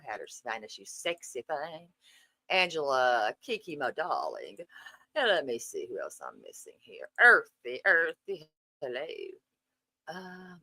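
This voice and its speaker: A woman's voice: low voice, pushed and bright, no room sound. A woman hosting a casual live stream, greeting viewers in a sassy, profane, playful way. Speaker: livestream host. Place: dark room at home.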